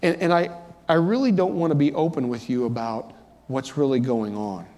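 In a church sanctuary full of long, hall-like reverb, a male pastor delivers his sermon in a conversational way, lifting his voice to stress points. He speaks in a warm, mid-range voice at a moderate pace.

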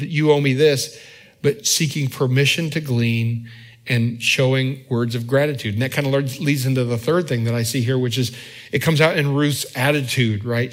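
A man preaching a sermon in a conversational way, often checking in with the congregation with quick asides. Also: mid-range voice. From United States. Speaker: pastor.

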